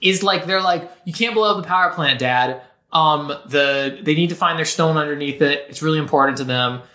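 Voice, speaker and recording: Brief: quick-talking bright man riffing through a film plot, roomy recording. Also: on the high side. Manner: animated, retells scenes with quick voice impressions. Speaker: podcast co-host. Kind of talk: casual movie recap chat.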